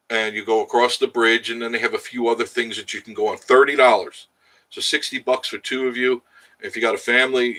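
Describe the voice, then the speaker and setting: A man with a mid-range, pushed and bright voice hosts a casual live stream from the outdoors in the Smoky Mountains. Chatty and jokey, he laughs often and addresses viewers by name.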